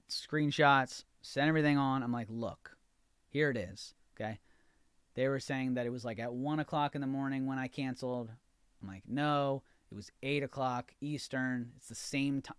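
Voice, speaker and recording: An American podcast host tells an exasperated story in a ranting monologue. He acts out both sides of each conversation. His voice sits at a middle pitch, recorded dry and close to the mic with no room sound. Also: smooth, no room sound.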